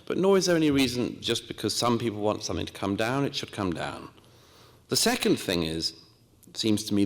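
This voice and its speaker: A man from Britain giving a measured, storytelling lecture with quoted asides. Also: fairly low pitch, in a large hall. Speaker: speaker. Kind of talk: lecture talk.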